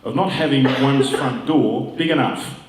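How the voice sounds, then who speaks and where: A man's voice: medium pitch, moderate pace, noisy background, natural voice. An older man voicing a placid, careless male bear from a storybook, offhand and defensive. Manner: offhand, then cross. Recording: roomy hall, distant mic.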